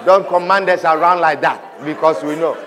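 A man voicing a group of patient angels who calmly scold a believer, speaking low and reproving. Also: moderate pace, a crowd in the background, natural voice. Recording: reverberant hall, faint congregation.

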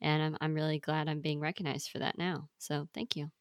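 A woman in casual podcast banter delivers dry sarcasm with hesitant fillers. Her voice sits fairly low, and the sound is dry and close. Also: level tone, brisk, no room sound. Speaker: co-host player.

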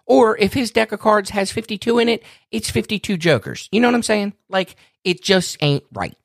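A man's voice: high voice, animated, normal speed, gravelly, no room sound, studio quality. A man, a podcast regular, ranting in a fired-up, cursing way during a casual chat. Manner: fired up, ranting, swears freely.

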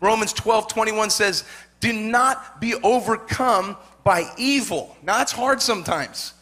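A man preaching a sermon, telling a personal story in an animated way, repeating words and calling for amens. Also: high voice, unhurried. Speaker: pastor.

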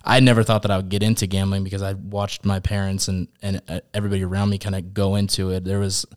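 A man's voice: low voice, flat delivery. A young man telling his own story openly on a podcast, earnest and a little emotional, often stopping and restarting. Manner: earnest, open, halting with restarts. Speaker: podcast guest. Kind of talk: candid personal conversation.

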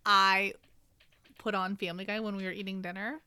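Bright-voiced woman telling a quick anecdote. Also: medium pitch, level tone, clear, resonant tone, no echo. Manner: quick, joking asides, swears casually. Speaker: podcast co-host. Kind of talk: casual chat.

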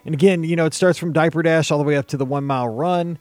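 A man's voice: on the high side, fast talker, darkish tone, no echo. A man co-hosting a podcast in casual chat, rambling with many restarts. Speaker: podcast co-host.

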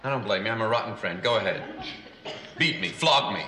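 A man's voice: on the low side, animated, a little fast, pushed and bright, a little hiss or hum. An actor playing a fussy, refined man in a 1970s sitcom clip. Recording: sitcom clip with music, roomy.

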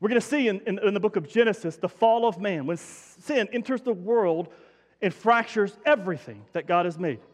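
A man delivering a lively sermon in a high voice, leaning on repeated phrases and talking straight to his congregation. His voice rings out with a long reverb from a large church sanctuary. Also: brisk. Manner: energetic, conversational preaching with emphatic repetition. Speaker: pastor.

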